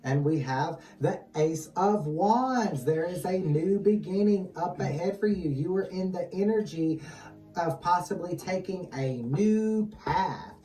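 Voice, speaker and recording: Mellow, echoey tarot reader. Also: medium pitch, unhurried. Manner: steady and calm, invokes guides in a repeated chant-like way. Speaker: tarot reader, channel host. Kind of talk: tarot reading, casual chat. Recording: echoey distant mic with music underneath.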